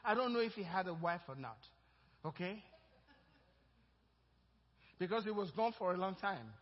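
Pastor guy with a real high husky voice, preaching, dull lo-fi church recording. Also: lively intonation, moderate pace, in a large hall. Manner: storytelling, then rising to loud fervent exhortation. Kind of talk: sermon. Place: church sanctuary.

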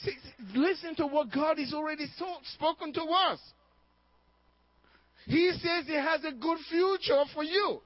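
A man's voice: very high voice, a little slow, dry recording. A man preaching a sermon, emphatic, firing questions at his congregation and laughing now and then. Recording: dry, dull lo-fi recording.

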